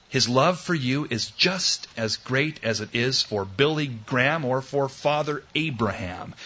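A male preacher with a bright, forceful voice delivers a sermon slowly and deliberately. He swings from loud, emphatic lines to hushed, tender quotes. The recording is dull and lo-fi. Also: mid-range voice.

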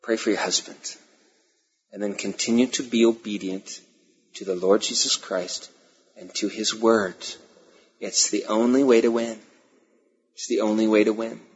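A male pastor preaching a sermon, emphatic, repeating key phrases and pausing between them. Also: lowish voice, husky. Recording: dull lo-fi sermon recording.

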